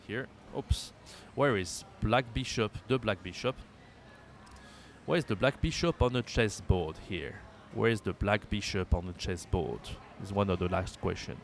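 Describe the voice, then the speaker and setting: A man's voice: lowish voice, fairly bright tone, slight background noise. French-accented man teaching, thinking aloud. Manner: thinks aloud with hums and self-corrections; repeats phrases slowly for learners. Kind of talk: language lesson.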